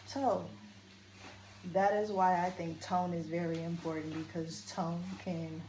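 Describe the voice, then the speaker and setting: A woman talking earnestly to camera as a vlogger and coach, moving between a firm, deliberate tone and a softer one. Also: fairly low pitch, flat delivery, echoey room, a little hiss or hum, low-quality recording. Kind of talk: casual talking-to-camera vlog.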